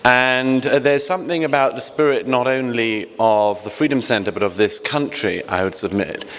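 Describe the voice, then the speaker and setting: At a podium microphone in a large hotel conference hall, a British man gives a panel speech. His medium-pitched voice moves at normal speed with a slightly bright tone, and he's earnest, restarting hesitantly and adding wry humor. The hall is echoey with faint ambience.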